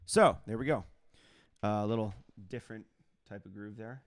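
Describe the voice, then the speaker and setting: A man, a saxophonist, casually chatting on his livestream and answering viewer comments in a relaxed, joking way, laughing often. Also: fairly low pitch, normal speed, dry recording.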